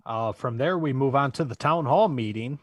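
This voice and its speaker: A man's voice: medium pitch, normal speed, no echo. Laid-back podcast co-host, a man. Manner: laid-back, brief, reads from notes. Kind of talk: casual wrestling recap chat.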